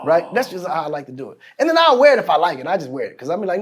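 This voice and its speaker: A man telling stories as a podcast guest, animated and profane, often laughing and cutting in with "hold on.". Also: fairly high pitch, very fast. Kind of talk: casual storytelling chat.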